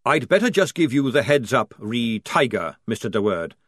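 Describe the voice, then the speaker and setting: A man voicing a wily, knowing army sergeant who talks in a gruff, conspiratorial way. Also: medium pitch, big pitch swings, normal speed, a bit bright, dry recording, clean studio sound. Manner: gruff, conspiratorial, says sir a lot.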